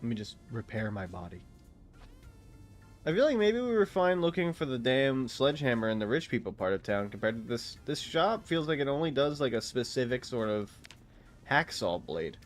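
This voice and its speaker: A man's voice: medium pitch, very animated, normal speed, soft background music. A young man casually commenting while he plays a video game, rambling and joking with frequent laughs. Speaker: gaming streamer.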